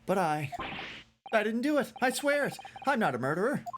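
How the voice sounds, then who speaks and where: A man's voice: high voice, very animated, moderate pace, background noise, voice pushed up. A man voicing a nervous, wimpy young male defendant, reading game dialogue aloud in a whiny, pleading way. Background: game music.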